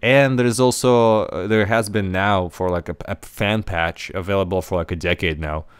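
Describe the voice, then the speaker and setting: Podcast host guy, low smooth voice, kinda halting, keeps repeating words, dry close sound. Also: fairly even intonation, no echo. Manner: halting, repeats words while searching for phrasing. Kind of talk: casual podcast chat.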